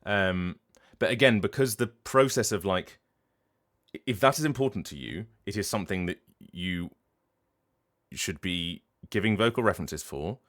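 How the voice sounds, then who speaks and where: A man's voice: sits low, expressive, normal speed, a bit bright. A voice actor talking casually on his livestream, thinking aloud and restarting his sentences as he explains. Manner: thoughtful, explaining at length with frequent restarts. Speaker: voice actor and streamer.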